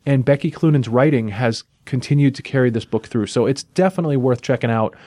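Guy cohosting a podcast, mid voice, dry close mic, quick measured takes. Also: medium pitch, mellow, dry recording. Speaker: podcast co-host reviewing comics. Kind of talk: casual review chat.

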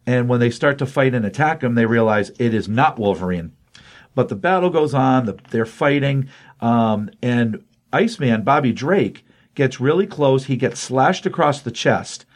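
A man's voice: mid-range voice, normal speed. Casual man recapping a comic book. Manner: retells scenes quoting characters in a flat voice, many ums.

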